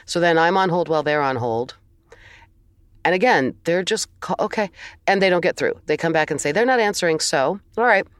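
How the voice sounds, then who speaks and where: A woman's voice: low-pitched, moderate pace, dry recording, clean studio sound. A woman co-hosting a casual chat, telling a long exasperated story with sighs and the odd swear.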